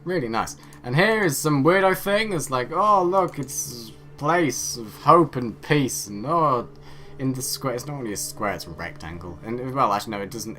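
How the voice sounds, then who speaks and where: A man's voice: medium pitch, fairly bright tone. A man casually commentating a video game, rambling and joking as he reads the game's dialogue aloud in an offhand way. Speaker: let's play host.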